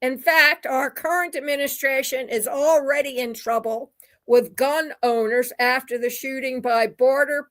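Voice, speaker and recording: A woman's voice: high-pitched, fairly bright tone. A woman hosting a talk radio show, reading news quotes with sarcastic asides. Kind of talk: opinion commentary reading quotes.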